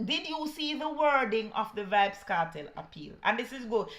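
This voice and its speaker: A woman's voice: a little high, a bit bright. A woman with a Jamaican accent giving heated political commentary, scornful and mixing patois with English.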